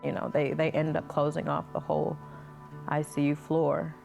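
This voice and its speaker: A mother telling a personal story in a halting way, restarting often. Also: sits low, flat delivery, creaky, darkish tone, soft background music.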